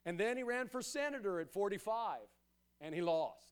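A pastor with a notably high voice delivers a sermon. He presses his points through repetition and rises to loud, urgent exhortations. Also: animated, moderate pace, clear, resonant tone. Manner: emphatic, repetitive preaching that swells to loud exhortations.

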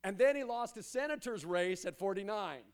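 A pastor with a notably high voice delivers a sermon. He presses his points through repetition and rises to loud, urgent exhortations. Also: lively intonation, moderate pace, clear, resonant tone. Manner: emphatic, repetitive preaching that swells to loud exhortations.

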